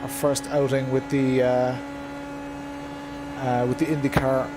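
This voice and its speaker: A man's voice: medium pitch, level tone, a little slow, background noise. A man chatting casually on a sim racing livestream, rambling with lots of ums and uhs. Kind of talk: casual livestream chat while gaming.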